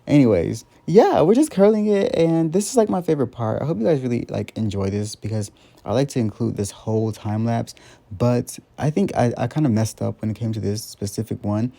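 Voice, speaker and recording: Chatty young man with a gravelly, mellow voice. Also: medium pitch, expressive, a little fast. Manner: chatty, rambling, with many ums and likes. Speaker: doll restyling vlogger. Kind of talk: casual voice-over narration.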